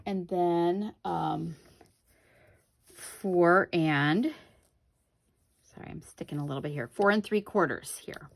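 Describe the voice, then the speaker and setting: A woman with a fairly low, creaky voice speaks slowly, leaving long pauses, with slight background noise. She demonstrates a paper craft on camera, chatting with viewers and correcting herself as she goes. The camera sitting on the craft table picks up her voice.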